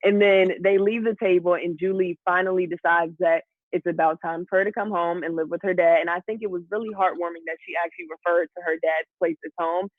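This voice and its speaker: A man hosts a relaxed TV recap chat, his voice pitched high for a man. He steers the panel with questions, and the sound is thin and phone-like with no room in it. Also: brisk, few pauses, no echo. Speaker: host. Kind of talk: casual TV recap discussion.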